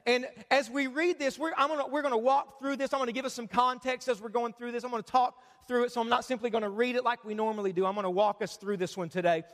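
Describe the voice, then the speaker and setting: A man's voice: extremely high pitch, steady tone, quick pace, few pauses, a bit bright, in a large hall. A man pastor preaching a conversational sermon to a church crowd, joking and getting them to read along. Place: church auditorium.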